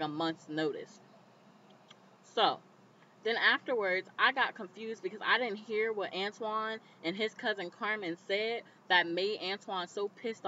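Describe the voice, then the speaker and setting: A woman vlogger recapping a TV episode in casual commentary, animated and indignant, talking straight to the viewer. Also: medium pitch, slight background noise. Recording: slightly dull lo-fi recording.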